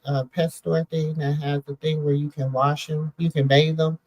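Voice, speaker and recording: A woman's voice: low-pitched, little pitch movement, normal speed, a little mellow, lo-fi sound. Middle-aged woman host, casual storyteller, rambling and filler-heavy. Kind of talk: casual chat.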